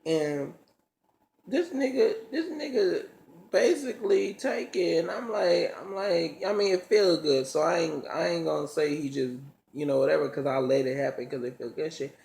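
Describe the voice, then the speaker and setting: A man's voice: fairly high pitch, moderate pace, vocal fry, a little mellow. A man telling a story to his vlog audience in blunt, profane casual talk, acting out each scene as he goes, in a roomy echoing room. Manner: blunt, profane, dramatic retelling.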